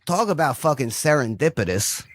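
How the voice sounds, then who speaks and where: A man's voice: on the high side, big pitch swings, normal speed, no room sound. A man telling a long, crude comic story, rambling and profane, checking in with "right?" again and again.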